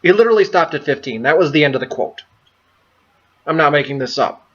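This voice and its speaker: A man's voice: fairly high pitch, expressive, fairly quick, fairly bright tone, breathy edge, muffled recording. A man giving casual political commentary in a vlog, amused and exasperated, stumbling over his words. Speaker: vlogger.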